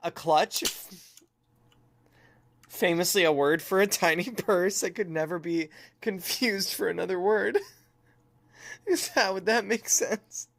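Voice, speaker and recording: A woman's voice: on the low side, slow, gravelly, long pauses. A young woman streamer chatting casually and laughing at herself while playing a game. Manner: giggly, self-mocking, chatty.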